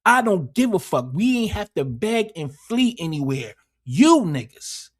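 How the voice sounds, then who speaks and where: Profane, rambling livestream host. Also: male voice, sits high, sing-song, unhurried, slightly rough. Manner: profane, rambling, repeats words often. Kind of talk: casual livestream commentary.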